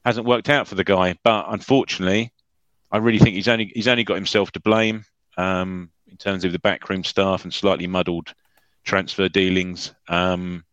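Deep-voiced man talking football. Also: flat delivery, moderate pace, fairly bright tone, dry recording, lo-fi sound. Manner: thoughtful, rambling, mildly swears. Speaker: football pundit guest. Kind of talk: casual football chat.

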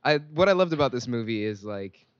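A man's voice: medium pitch, lively intonation, a little fast, a little hiss or hum. A man hosting a casual podcast chat, laid-back and rambling with many fillers, from Singapore. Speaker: podcast host. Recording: dry, dull lo-fi audio.

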